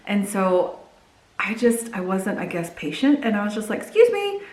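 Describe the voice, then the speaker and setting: A young woman vlogger chatting casually to camera, telling stories in a lively way. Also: mid-range voice, moderate pace. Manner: chatty storytelling, lively when quoting. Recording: echoey room.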